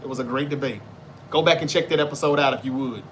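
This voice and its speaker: A livestream host from Memphis, Tennessee, with a Southern American voice, chats casually, reading viewer comments aloud and answering them with loose, profane talk. His mid-range voice moves at a quick pace over a little hiss or hum.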